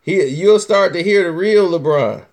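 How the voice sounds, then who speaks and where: A man's voice: high voice, measured pace, vocal fry, a little mellow. A man hosting casual opinion commentary, talking emphatically and teasingly, repeating his points. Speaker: host.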